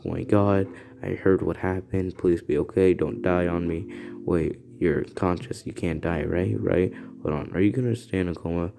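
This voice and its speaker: A man voicing a frantic mother rambling through worried messages, in his own deep voice. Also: steady tone, normal speed, gravelly.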